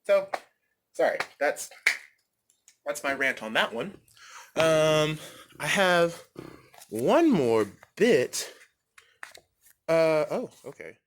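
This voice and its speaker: A man ranting casually into his phone outdoors in the wind, rambling, animated, swearing freely and repeating himself. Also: fairly high pitch, very slow, long pauses. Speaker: vlogger. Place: outdoors, windy.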